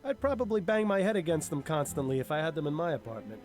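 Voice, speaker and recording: A joking detective partner in a game speaks in a wry, easygoing way. His voice sits fairly high, and his pitch bounces around a lot. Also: big pitch swings, fast talker, darkish tone, faint music behind. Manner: wry, jokey.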